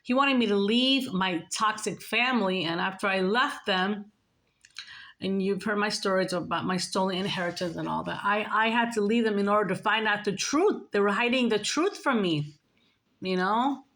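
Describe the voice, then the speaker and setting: A woman's voice: medium pitch, normal speed, fairly bright tone. Earnest chatty woman vlogger. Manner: chatty, earnest, repeats herself, acts out dialogue. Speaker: spiritual vlogger. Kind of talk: casual spiritual talk to viewers.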